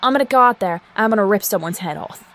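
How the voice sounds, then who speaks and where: A woman voices an enraged female wrestler who curses freely and threatens violence. She delivers a menacing promo for a fan-voiced wrestling game story. Her voice sits at an ordinary mid pitch. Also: lively intonation, rapid-fire, fairly bright tone, lightly acted. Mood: furious. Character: furious, foul-mouthed female wrestler.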